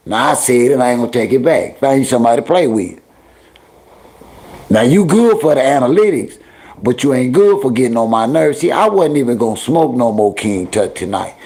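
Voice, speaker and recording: Man, middle-aged, livestream host, raspy, gravelly, slangy, repeats himself. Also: medium pitch, animated, fairly quick, darkish tone. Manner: talks straight to viewers and chat, scolding; heavy slang, drawling repetitions. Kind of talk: casual livestream commentary.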